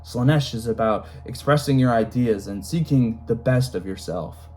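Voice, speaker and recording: A man's voice: medium pitch, normal speed, soft background music. Young male host, casual lore rant, rambling, bursts of emphasis, everyday mid voice. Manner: animated, rambling, lots of fillers and sudden emphatic jumps.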